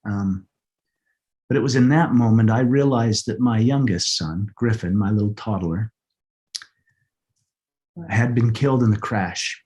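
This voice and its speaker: A middle-aged man telling a personal story as an interview guest, earnest and halting, often repeating words as he searches for them. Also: fairly low pitch, a little mellow. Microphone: podcast microphone.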